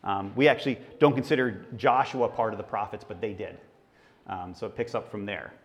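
A man's voice: fairly low pitch, brisk, lo-fi sound. A male pastor preaching a sermon in a church, teaching through scripture in a conversational way and asking the congregation questions.

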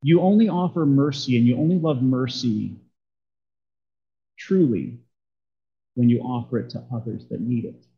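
A man's voice: medium pitch, normal speed, long pauses, husky, muffled recording. A man preaching a sermon as a pastor, talking conversationally and putting questions to his congregation.

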